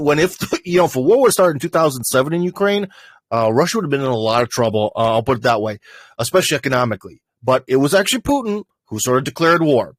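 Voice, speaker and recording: A man's voice: a little high, no room sound. Rambling American man on a livestream. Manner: rambling, conversational, lots of fillers and restarts. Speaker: livestream host. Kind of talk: casual livestream commentary.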